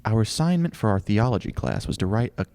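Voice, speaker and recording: A man co-hosting a casual podcast, reading listener letters aloud and slowing down for the quoted parts. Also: fairly low pitch, very animated, creaky, dark tone, slight background noise. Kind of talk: casual chat.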